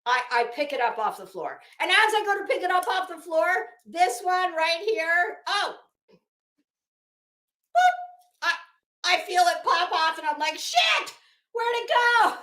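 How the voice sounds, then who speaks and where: A woman's voice: very high-pitched, lively intonation, unhurried, long pauses, pushed and bright, reverberant. A woman hosting a fashion gossip commentary show at home, telling a rambling, profane, self-mocking story while hot and sweaty. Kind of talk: casual chatty commentary.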